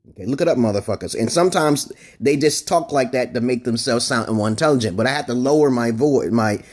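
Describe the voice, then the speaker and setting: Husky-voiced man rambling to camera. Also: on the high side, darkish tone. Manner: repeats "okay?" and restarts words often, swears freely. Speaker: vlogger. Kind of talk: rambling opinion monologue to camera.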